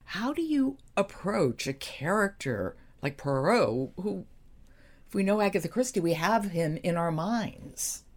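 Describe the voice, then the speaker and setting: A woman interviewer asking questions in a measured, attentive way. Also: fairly low pitch, sing-song.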